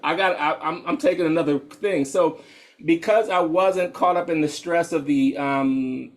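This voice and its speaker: A man's voice: fairly high pitch, normal speed. A man, a meditation teacher, talking in a loose, slangy way with frequent laughs before guiding a meditation. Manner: laid-back, slangy, laughs often. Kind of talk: casual talk then guided meditation.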